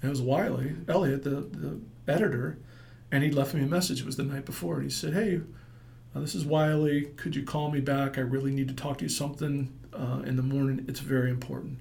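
A middle-aged man with a gravelly, rough edge tells his story in a relaxed interview. He rambles and acts out what others said to him. His pitch sits in an ordinary middle range. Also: brisk. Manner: rambling, animated storyteller acting out quotes. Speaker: entrepreneur guest.

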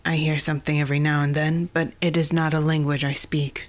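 A woman's voice: sits low, flat delivery, fairly quick, lightly acted. A woman voicing a loyal young male sword champion, speaking politely and plainly. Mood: respectful.

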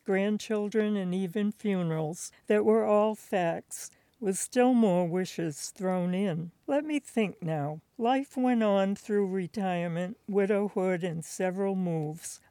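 Older woman, reflective essay reader, unhurried and mellow. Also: medium pitch, no room sound. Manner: slow, reflective reading. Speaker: senior center writing group member. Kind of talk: reading her own essay aloud.

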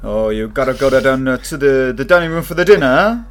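A man's voice: mid-range voice, animated, fairly quick, clear, resonant tone, close to an everyday voice. A man voicing an ancient male elevator operator with a hammy, put-on Italian accent, pushy and overfamiliar.

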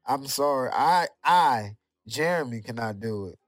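A man's voice: mid-range voice, lively intonation, measured pace, no room sound, clean studio sound, faint music behind. A young man as a podcast guest, teasing and firing off short repeated quips. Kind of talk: casual chat.

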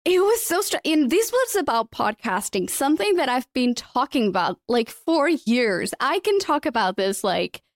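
Animated woman host, slightly high voice. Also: normal speed, few pauses, no room sound, clean studio sound. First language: Portuguese. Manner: animated storyteller. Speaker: podcast host. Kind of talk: casual interview chat.

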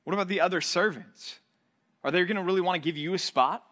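A male pastor preaching a sermon in an animated way, acting out quoted voices. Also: high voice, fast.

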